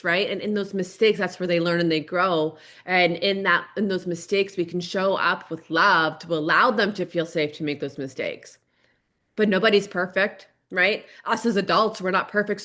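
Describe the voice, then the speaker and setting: On her solo parenting show, a woman with a medium, slightly bright voice speaks earnestly, restating key points and frequently asking "right?"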